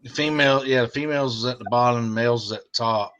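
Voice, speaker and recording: A man of medium pitch recounts ghost-hunting stories plainly and teases his friends. He speaks in a casual, conversational way. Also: steady tone, quick pace, a crowd in the background. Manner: matter-of-fact, teasing storyteller. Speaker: paranormal investigator guest. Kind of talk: casual podcast chat.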